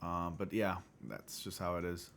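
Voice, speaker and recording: A man hosting a casual livestream chat, loose and profane, who often clears his throat. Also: deep voice, level tone, moderate pace, fairly bright tone, a little hiss or hum. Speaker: livestream host.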